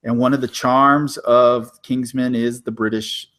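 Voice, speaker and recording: A man co-hosting a movie review podcast, relaxed and enthusiastic. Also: mid-range voice, measured pace. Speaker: podcast co-host. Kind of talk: casual movie review chat.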